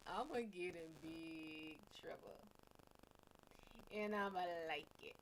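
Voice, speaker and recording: A woman's voice: mid-range voice, lively intonation, extremely slow, long pauses, fairly bright tone, slight background noise. A woman hosting a live stream, chatting in a playful, rambling, self-mocking way. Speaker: live stream host and psychic reader. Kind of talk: casual live-stream chat.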